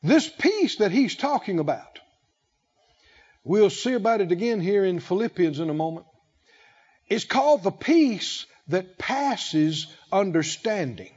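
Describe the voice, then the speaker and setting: A male pastor preaching a sermon, emphatic, with drawn-out phrasing and call-and-response. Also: sits high, sing-song, darkish tone, slightly rough, lo-fi sound.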